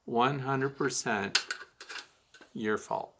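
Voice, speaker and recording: A man's voice: mid-range voice, drawn-out words, background noise. A man hosting a beekeeping Q&A, giving a blunt, teasing hands-on demonstration of gear. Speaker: beekeeping show host.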